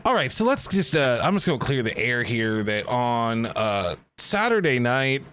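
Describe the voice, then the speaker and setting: A young man co-hosting a casual podcast, animated and full of casual slang. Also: medium pitch, moderate pace, smooth. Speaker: podcast co-host.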